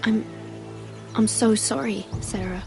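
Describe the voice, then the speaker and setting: An actress playing a gentle, sympathetic young noble lady in a video game, speaking earnestly. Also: medium pitch, steady tone, slow pace, vocal fry, music in the background. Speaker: game character. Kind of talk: voiced video game dialogue.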